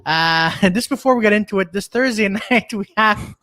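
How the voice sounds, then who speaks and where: A man's voice: sits high, moderate pace, sharp tone, no room sound, studio quality. Laughing, swearing comedy co-host, a man. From Montreal, Canada. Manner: laughs often, swears, acts out quotes. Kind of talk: casual banter.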